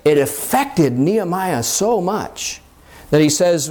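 A man's voice: expressive, slow, a little mellow. A man preaching a sermon in an earnest teaching tone, with fillers and restarts, lifting his voice when he quotes scripture. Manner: rises in pitch when quoting scripture. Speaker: pastor.

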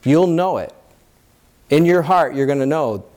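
A man preaching a sermon, reading scripture aloud and talking plainly to a congregation, his voice climbing high when he voices people's pleas and dropping low and soft to reassure. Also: animated, measured pace, pauses often. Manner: reads scripture aloud, then rises high and loud in acted pleas.

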